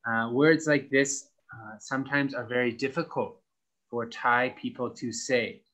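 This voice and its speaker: A man teaching English to young pupils, spelling out words letter by letter and repeating each word clearly for practice. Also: mid-range voice, steady tone, measured pace, fairly bright tone. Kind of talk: slow, clear classroom instruction.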